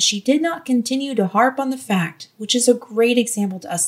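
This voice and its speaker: Gentle, breathy woman teaching scripture. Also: on the high side. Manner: earnest, gently encouraging. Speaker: Bible teacher. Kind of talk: devotional Bible teaching.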